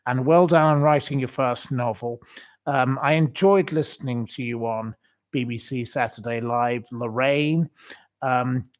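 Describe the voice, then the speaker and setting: A man hosting a casual solo livestream, reading out viewer greetings and giving rambling, opinionated views with lots of pauses and restarts. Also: medium pitch.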